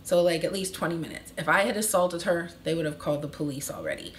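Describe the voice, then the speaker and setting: Animated woman in her thirties, casual storytime vlog, slightly low voice, faint room noise. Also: fast. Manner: animated, acts out quoted voices. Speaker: vlogger.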